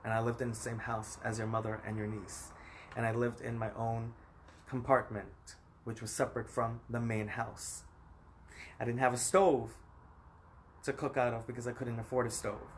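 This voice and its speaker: A man's voice: mid-range voice, level tone, moderate pace, slight background noise. Rambling, emphatic man in his thirties. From United States. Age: 30s. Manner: rambling, emphatic, talks straight at the viewer. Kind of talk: personal vlog monologue. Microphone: phone.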